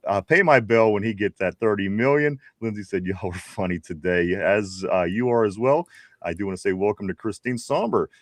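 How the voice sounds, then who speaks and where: A man's voice: on the low side, moderate pace, no room sound. A man with a Pittsburgh accent hosting a casual live stream, reading viewer comments aloud with frequent laughs. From Pittsburgh area. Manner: laid-back, laughs often, reads chat messages aloud. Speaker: podcast host.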